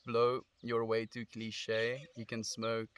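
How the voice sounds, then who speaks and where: Speaking slowly at medium pitch, a young South African man with a South African accent chats on a phone live stream from under a tree in the sunshine. He answers comments in a relaxed, friendly, thoughtful way and calls viewers "friend"; a bit of hiss or hum is audible.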